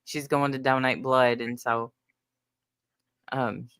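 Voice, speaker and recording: A woman's voice: extremely low pitch, steady tone, slow pace, fairly bright tone, smooth, no echo. A woman in her fifties co-hosting a casual chat, telling family stories in a frank, wry way. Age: 50s.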